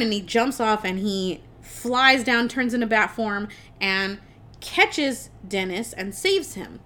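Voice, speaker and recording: A young woman casually retelling a movie plot on a podcast, animated and chatty, with lots of fillers and swearing. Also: medium pitch, slow. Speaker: podcast co-host. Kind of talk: casual film recap.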